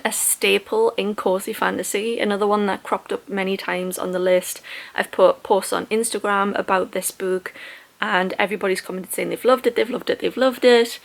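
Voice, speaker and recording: A woman, chatting casually about books she has read, self-deprecating and laughing often. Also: medium pitch. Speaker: book vlogger. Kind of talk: casual book review chat.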